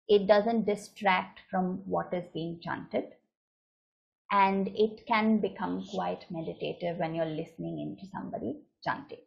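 A woman's voice: mid-range voice, gravelly. A woman teaching a lesson on chanting, explaining patiently and often checking in with "right?". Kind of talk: recorded lecture with slides. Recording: muffled lo-fi recording.

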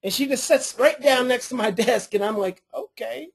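A man, an adoption coach and therapist, telling a story to his class in a lively way and acting out the people in it. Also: very high voice, moderate pace, husky. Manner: animated storytelling, acts out quoted voices.

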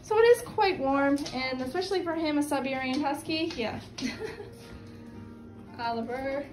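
A woman narrating a casual home vlog, chatty and giggly, cooing baby talk to puppies in a warm room, filmed on a handheld camera. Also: high-pitched, unhurried. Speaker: dog breeder vlogger. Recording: echoey room with music underneath.

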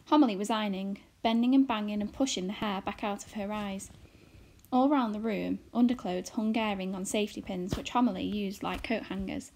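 A British woman reads a children's novel aloud to her class in a clear, expressive way. Her voice is of middle pitch, with a steady, measured storytelling manner. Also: slight background noise. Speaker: teacher reading a class novel.

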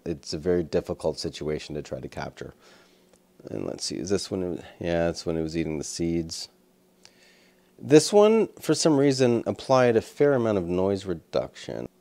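A man's voice: sits low, warm tone. A man, a wildlife photographer, casually talking through his photos and camera settings in a rambling, easygoing way with plenty of fillers. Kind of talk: casual commentary over photos.

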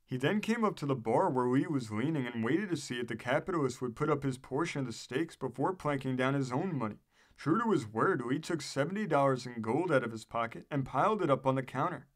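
A man with a middle-pitched voice reads an old newspaper article aloud. His delivery is steady and measured, narrating each scene plainly.

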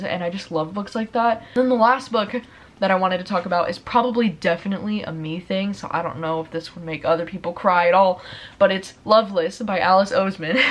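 Young female book vlogger, casual and gushing, emotional at times. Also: mid-range voice. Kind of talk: casual book review vlog.

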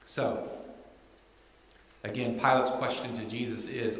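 Male pastor, mid-pitched, preaching a chatty sermon in a reverberant sanctuary. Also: moderate pace. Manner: conversational, often asks "right?". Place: church sanctuary. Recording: echoey church hall.

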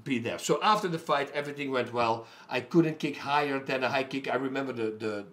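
A middle-aged man, a fighter, telling a personal story in an animated way that turns loud and emphatic. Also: medium pitch, a little fast. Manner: animated, gets loud and emphatic when indignant.

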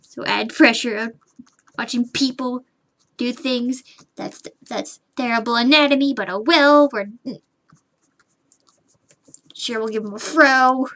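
During a live drawing stream, a woman mutters, hums and rambles to herself, getting frustrated and swearing casually at her computer. She takes it slowly with long pauses, and her voice is on the high side, bright and forceful.

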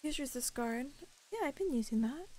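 Very high-pitched bubbly woman streamer. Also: expressive, moderate pace, warm tone. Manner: bubbly and giggly, chats with viewers while playing. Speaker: VTuber streamer. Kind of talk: casual gameplay stream chat.

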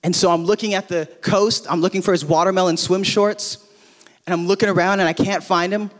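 A man in his thirties, originally from Hawaii, preaches from a church stage in a casual, story-driven way with frequent fillers. His voice sits a little high for a man. A long hall reverb trails behind every phrase. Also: fairly even intonation, fairly quick. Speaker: pastor. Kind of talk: sermon with personal storytelling. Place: church auditorium.

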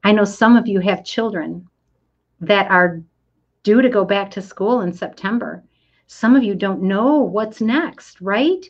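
A woman's voice: mid-range voice, a little slow. A middle-aged woman coaching listeners in a motivational talk, earnest and emphatic, speaking to them directly. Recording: dull lo-fi audio.

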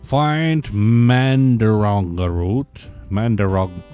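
A man's voice: lowish voice, extremely slow, warm tone, faint music behind. A man giving casual let's play commentary on a hidden-object game, grumbling sarcastically and swearing often.

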